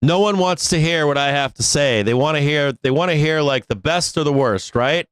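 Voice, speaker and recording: Blunt, profane trading-stream host, dry sound. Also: male voice, a little high, normal speed, clean tone, dry recording. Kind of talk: casual live-stream rant.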